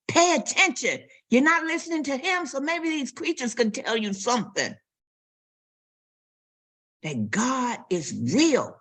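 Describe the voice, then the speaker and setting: A woman's voice: fairly high pitch, husky. A woman pastor preaching a sermon, telling stories and acting out quotes and barking sounds.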